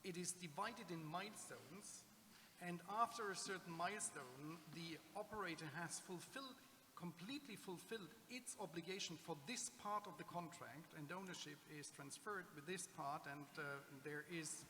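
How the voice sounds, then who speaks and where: A man whose first language is German, answering questions at a conference panel, halting with many fillers and restarts. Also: fairly high pitch, pushed and bright. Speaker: conference speaker on public-sector accounting. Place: conference hall. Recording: reverberant hall with faint noise.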